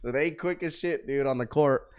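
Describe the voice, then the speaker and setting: A man's voice: a little high, moderate pace, no room sound. A young man of Filipino heritage hosting a casual livestream, loose and slangy, joking and laughing with his chat. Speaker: livestream host.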